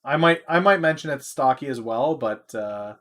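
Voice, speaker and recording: Male live-stream host, casual, loose, talks to chat, average pitch. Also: lively intonation, normal speed, a bit bright. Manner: rambling, answers chat, restarts often. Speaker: stock market streamer.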